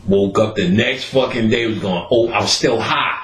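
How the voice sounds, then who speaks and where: A man hosting a podcast, telling a story in a casual, animated way, laughing and swearing often. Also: on the low side, moderate pace. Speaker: podcast host. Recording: roomy echo with faint noise.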